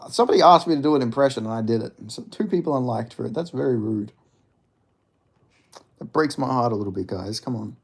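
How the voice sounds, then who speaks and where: A man's voice: mid-range voice, brisk, vocal fry, pauses often, breathy edge. A man hosting a casual livestream, rambling about fights, reading chat aloud and jokingly apologizing. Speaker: livestream host.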